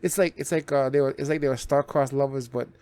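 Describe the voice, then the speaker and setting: A man's voice: mid-range voice, fairly even intonation, quick pace, darkish tone, smooth. A man hosting a reaction video, recapping a series in a loose, rambling way with restarts and casual swearing.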